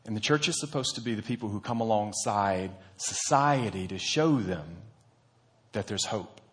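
A man's voice: fairly low pitch, lively intonation, moderate pace, fairly bright tone. A man, a church pastor, preaching a sermon in an earnest, conversational storytelling manner.

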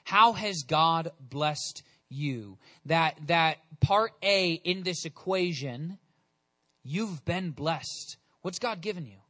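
Young male preacher, high bright voice, energetic conversational sermon delivery. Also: slow. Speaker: pastor.

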